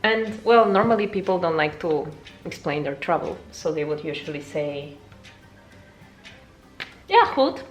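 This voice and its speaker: A young woman, not a native English speaker, teaching a casual video language lesson in a chatty way, jumping high in pitch to show words. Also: normal speed, soft background music. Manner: lively, jumps high to demonstrate words, chatty with fillers.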